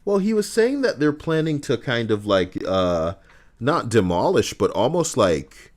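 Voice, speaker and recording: A man's voice: medium pitch, big pitch swings, measured pace, darkish tone. A man chatting casually on a game livestream, profane and rambling. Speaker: game streamer.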